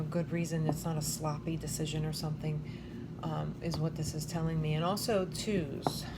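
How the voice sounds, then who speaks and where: Woman, tarot reader, casual chat, lower voice, slightly breathless, filler-heavy, loud noisy recording. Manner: chatty, many fillers, thinks aloud. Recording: loud background noise.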